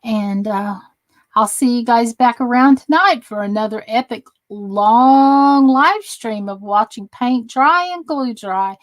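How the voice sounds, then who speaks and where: A woman's voice: fairly high pitch, slow, no echo, poor audio. A tired woman chatting casually with viewers while she crafts on a live stream. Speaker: crafting livestream host.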